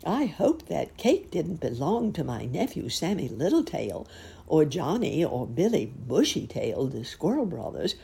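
A woman doing a fretful old gentleman rabbit. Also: sits low, very animated, measured pace, creaky, slight background noise, exaggerated voice. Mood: worried. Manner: fretful, polite.

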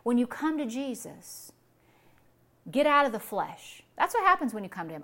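Woman pastor, high voice, preaching a sermon, exuberant, laughs out loud, repeats short phrases. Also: big pitch swings, moderate pace. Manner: exuberant, bursts into long fits of laughter while preaching.

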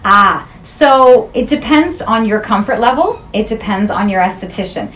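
A woman's voice: medium pitch, expressive, moderate pace, a bit bright. A middle-aged woman esthetician, talking frankly and jokingly in a casual interview. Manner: frank, jokey and chatty.

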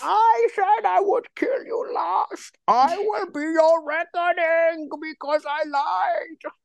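A gruff, burly action hero as a man puts him on, growling out slow one-liners in a strained voice pushed far above his own. The delivery drags each word, with an odd, thin timbre. It comes through a dry video-call mic. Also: very high voice, dry recording, pitched above the performer's own voice, full character voice. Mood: menacing deadpan.

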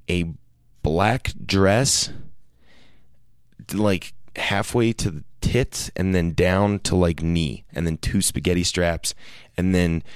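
A man's voice: low voice, clear, resonant tone, dry recording, clean studio sound. A man telling a long casual story, rambling with many fillers and restarts and quoting people in raised voices.

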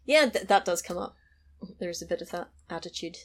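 Woman eagerly recapping a film. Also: a little fast. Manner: animated storytelling, acting out lines in a high voice. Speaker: podcast co-host recapping a film. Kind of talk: casual chat.

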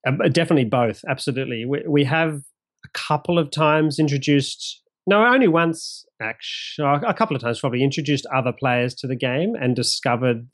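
A man's voice: mid-range voice, a little fast, no room sound. An Australian man who runs a streamed tabletop game, talking casually in an interview, often repeating words as he starts sentences. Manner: chatty, repeats words at starts, laughs easily.

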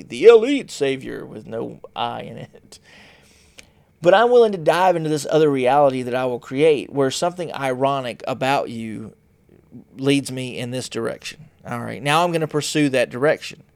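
A man with a gravelly, fry-edged voice talks in a rambling, blunt monologue, often mocking himself. His pitch sits in an ordinary middle range, and the sound is dry and close. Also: darkish tone, dry recording. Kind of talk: casual monologue.

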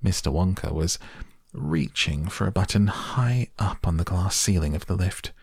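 Deep gravelly guy reading a kids story, slow and expressive. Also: no echo, clean studio sound. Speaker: audiobook narrator. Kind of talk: storybook narration.

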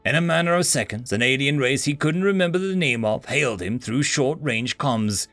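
A man's voice: medium pitch, expressive, moderate pace, a bit bright, no room sound, faint music behind. A man narrating a sci-fi story in a dry, wry storytelling manner.

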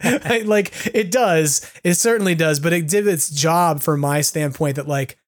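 A man co-hosting a casual podcast chat, rambling and animated with lots of fillers. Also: on the high side, unhurried, dry recording, clean studio sound. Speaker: podcast co-host.

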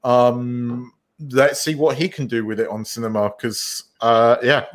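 A man's voice: medium pitch, level tone, measured pace. Hesitant man co-hosting a podcast. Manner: hesitant, full of ums, giggly. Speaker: podcast co-host. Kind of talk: casual film chat.

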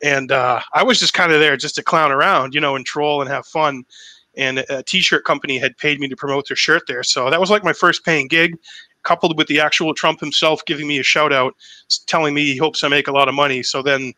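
A man's voice: on the high side, steady tone, brisk, pushed and bright, no room sound, low-quality recording. A man in his thirties from Massachusetts with no regional accent, telling chatty, profane stories in a casual podcast conversation. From Massachusetts, USA. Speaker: impressionist guest.

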